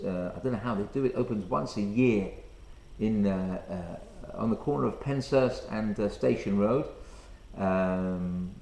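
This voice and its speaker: A middle-aged rabbi tells a story as part of a sermon, often pausing on fillers. His voice sits high and swings widely in pitch. The sound carries a roomy echo. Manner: animated, halting storyteller with many fillers.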